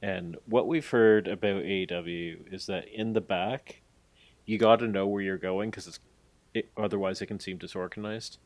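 A man's voice: low-pitched, steady tone, normal speed, no echo. A man co-hosting a podcast, recapping a story in a rambling, hedging way with lots of fillers. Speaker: podcast co-host. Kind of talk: casual podcast chat.

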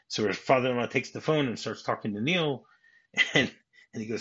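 Male podcast guest, husky voice, rambling retelling, dull lo-fi audio. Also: medium pitch, brisk, a bit bright. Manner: rambling, with frequent restarts, acting out quoted lines. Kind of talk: casual podcast chat recounting a film script.

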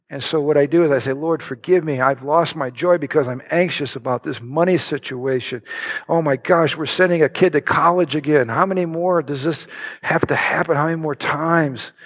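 A man preaching a sermon to his congregation, animated and conversational, acting out little prayers and scenes in other voices. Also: a little high. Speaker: pastor. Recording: long hall reverb.

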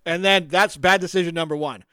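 Guy cohosting a music podcast, lively storytelling, laughs a lot, dry close mic. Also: on the high side, a little fast, smooth, dry recording. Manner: animated storyteller, acts out quotes, laughs often. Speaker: podcast co-host. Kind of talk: casual chat.

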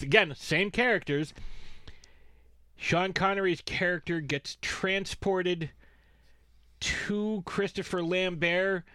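A man's voice: a little high, a bit bright, no room sound, studio quality. A man co-hosting a podcast in casual chat, rambling and sarcastic, swearing freely as he recaps a film series. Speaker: podcast co-host.

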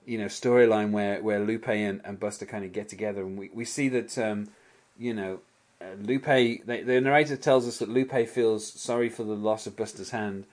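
A man's voice: on the low side, steady tone, moderate pace, darkish tone. A man hosting a casual podcast chat, rambling and hedging a lot, often breaking into small laughs.

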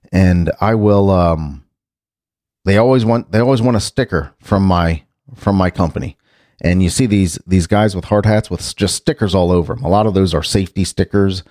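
A man's voice: on the low side, darkish tone, no room sound, studio quality. A man hosting a casual rundown of the day's birthdays and holidays, rambling and correcting himself as he goes. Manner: chatty, rambling, self-correcting. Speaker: podcast host.

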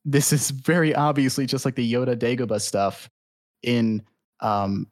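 A man in casual podcast chat, retelling a cartoon plot in a rambling, profane, animated way. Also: mid-range voice, unhurried, dry recording, clean studio sound. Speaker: podcast guest.

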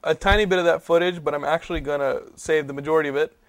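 A man hosting a geek culture podcast, enthusiastic and quick to laugh in casual chat. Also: a little high, fairly even intonation, a bit bright, no room sound. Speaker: podcast host.

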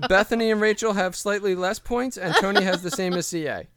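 A man's voice: high-pitched, brisk, over a noisy crowd. A man hosting a casual comedy podcast, playful and often laughing mid-sentence. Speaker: podcast host.

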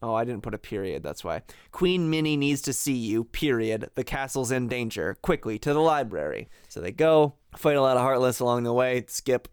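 A man's voice: medium pitch, animated, normal speed, hardly any pauses, smooth, dry recording, studio quality. A man co-hosting a podcast, casually recapping a video game's story and reading out characters' lines with comic asides. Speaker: podcast co-host.

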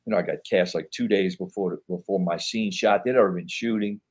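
Husky older man telling stories. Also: low-pitched, quick pace. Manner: rambling anecdotes with many fillers, acts out quoted people. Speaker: podcast guest, actor. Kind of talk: casual interview storytelling.

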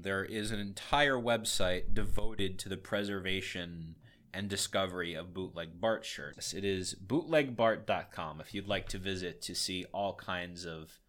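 A man's voice: sits low, sharp tone. A man hosting a podcast, giving a rambling, good-humored lecture with frequent fillers and laughs. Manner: rambling, laughing, self-deprecating. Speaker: podcast host.

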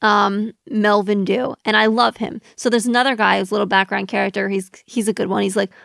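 A woman's voice: mid-range voice, steady tone, brisk, vocal fry, a bit bright, no echo, clean studio sound. A woman co-hosting a podcast in casual chat, talking freely with lots of little fillers. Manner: chatty, many fillers, laughs along. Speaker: podcast co-host.

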